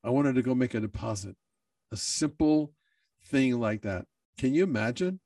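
A man's voice: mid-range voice, lively intonation, normal speed, dark tone, no echo, recorded from a distance. A man who is a bodybuilder, talking in a candid personal monologue, emotional and swearing freely.

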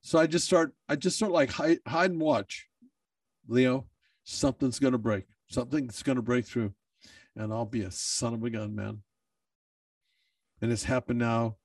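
A man's voice: medium pitch, moderate pace, pauses often, dry recording, distant mic. A man who is a bodybuilder, talking in a candid personal monologue, emotional and swearing freely.

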